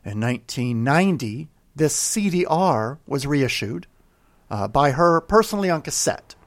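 A man's voice: a little high, lively intonation, unhurried. A man working as a radio DJ, talking about records in a rambling, enthusiastic way from a studio. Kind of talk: casual radio music commentary.

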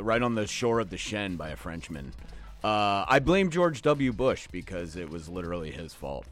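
A man's voice: sits low, expressive, moderate pace. A man hosting a radio show, talking casually and loosely about the records he just played, drifting into jokey asides. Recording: faint music behind the voice.

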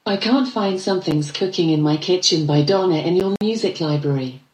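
A synthetic female voice assistant giving flat, polite replies, played back from a speaker in a room. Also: lowish voice, normal speed, roomy sound, low-quality recording.

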